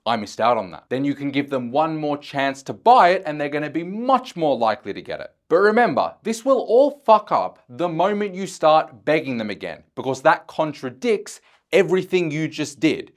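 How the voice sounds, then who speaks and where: A man's voice: on the high side, sing-song, moderate pace. A man coaching chatters on handling objections, talking bluntly and swearing casually. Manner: acts out sample chat messages in a shy voice. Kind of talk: instructional explainer.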